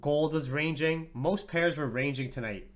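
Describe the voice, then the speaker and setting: A man's voice: on the high side, normal speed. A tired man hosting a live market-analysis stream, chatting casually and profanely with his viewers. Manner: profane, slangy, chats with viewers as "bro". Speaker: trading livestream host. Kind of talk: casual livestream market commentary.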